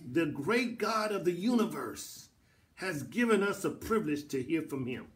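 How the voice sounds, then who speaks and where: A middle-aged pastor teaching a Bible study in a church, with a repetitive preacherly cadence that builds to emphatic peaks. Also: male voice, a little high, very animated, moderate pace. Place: church sanctuary.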